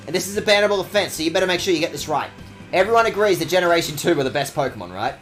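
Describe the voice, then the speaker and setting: A man's voice: fairly high pitch, lively intonation, rapid-fire, a bit bright, faint music behind. A man streaming a video game, ranting with playful mock outrage and lots of swearing. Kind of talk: casual game stream commentary.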